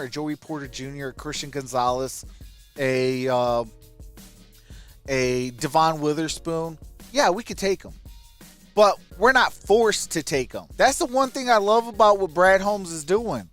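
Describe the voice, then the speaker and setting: A man's voice: on the high side, fairly bright tone. A man hosting a fan channel, giving casual sports commentary in a chatty, enthusiastic way with frequent asides and chuckles.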